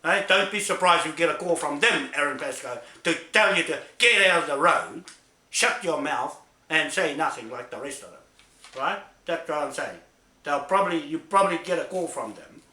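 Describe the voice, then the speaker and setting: A man's voice: fairly high pitch, animated, normal speed, bright, forceful tone, reverberant. A man delivering an angry, confrontational public statement, swearing and repeatedly asking "right?". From New Zealand. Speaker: land claimant making a public statement.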